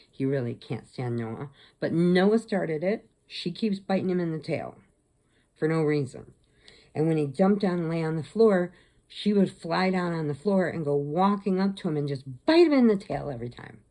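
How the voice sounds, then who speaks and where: Give me a middle-aged woman telling stories on her own channel, in a low voice with a dark, mellow tone. She rambles from one subject to the next in a chatty, friendly way. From Illinois, USA. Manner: rambling, chatty, laughs often. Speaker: crochet channel host. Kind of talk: casual storytelling vlog.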